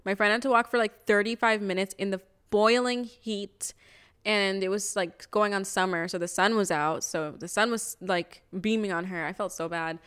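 A woman's voice: mid-range voice, moderate pace, clean tone. Casual swearing young woman telling stories. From Toronto area, Canada. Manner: casual, swears a lot, animated storytelling. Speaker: podcast co-host. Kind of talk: casual storytelling chat.

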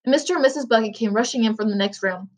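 A woman reading a children's book aloud, steady and even, with small slips now and then. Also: fairly high pitch, racing, poor audio. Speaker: reader.

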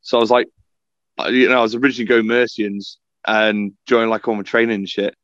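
A young man, a podcast guest, telling army stories in a casual, sweary, animated way. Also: fairly low pitch, fast, no echo, dull audio. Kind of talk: casual storytelling chat.

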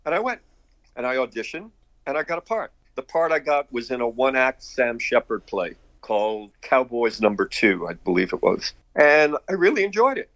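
An older man from Brooklyn spins long, rambling stories from his past as a guest. He chuckles here and there, and his voice sits at an ordinary middle pitch for a man. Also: very animated, normal speed, fairly bright tone, no echo. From Brooklyn, New York. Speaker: guest, artist and director. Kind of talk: casual interview storytelling.

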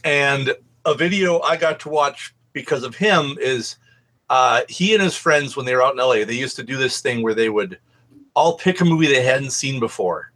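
Podcast guy chatting, husky tone, meanders and curses a lot. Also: medium pitch, normal speed, a bit bright. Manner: rambling anecdotal storyteller, swears freely. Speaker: podcast co-host. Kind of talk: casual chat.

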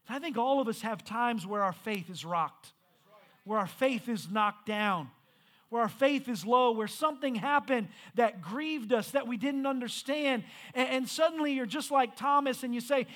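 Male pastor, strikingly high pitch; conversational sermon delivery that builds to emphatic peaks. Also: a little slow, fairly bright tone. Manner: conversational, then rising to emphatic preaching with stumbles.

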